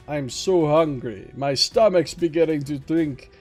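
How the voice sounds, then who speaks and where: A man's voice: a little high, unhurried, darkish tone, faint music behind. A man putting on a hearty old soldier's accent. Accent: put-on hybrid foreign accent. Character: gruff male former elite guard, jovial guide.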